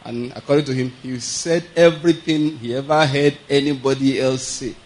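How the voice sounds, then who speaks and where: A man's voice: medium pitch, fairly even intonation, moderate pace, darkish tone, low-quality recording. A man preaching a sermon in a conversational teaching manner, often checking that the listeners follow and chuckling as he goes.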